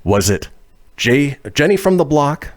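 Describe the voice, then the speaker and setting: A man's voice: on the high side, big pitch swings, measured pace. A man hosting a pop culture trivia quiz on a podcast, reading out questions and multiple-choice options. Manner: reads questions and options, laughs easily. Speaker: game show host.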